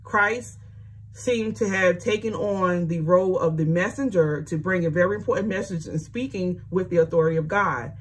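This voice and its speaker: A woman's voice: lowish voice, normal speed, breathy edge. A woman casually reading scripture aloud and adding chatty commentary. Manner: chatty, conversational asides and fillers. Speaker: Bible reading host.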